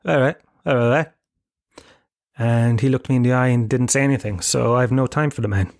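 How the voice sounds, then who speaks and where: A thirties-aged Irish man hosts a casual solo podcast, rambling through profane, self-mocking stories. His mid-range voice is steady and a little mellow, he talks fast, and the recording is close and dry with almost no room sound.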